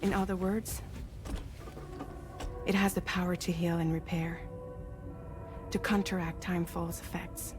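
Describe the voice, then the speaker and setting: An actress playing a composed woman from a cinematic game, explaining things in a calm, measured way. Her voice sits slightly low, and a clear game score plays behind her. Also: over music, natural voice.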